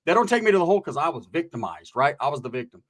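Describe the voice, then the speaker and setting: Fast-talking profane man telling stories. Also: a little high. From California. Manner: rapid, profane, animated street slang. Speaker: storyteller. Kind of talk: casual storytelling.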